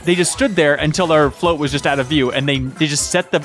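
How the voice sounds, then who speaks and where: A man co-hosting a casual chat while playing a party game, telling stories in an animated, jokey way. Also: fairly high pitch, fairly quick, soft background music. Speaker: co-host.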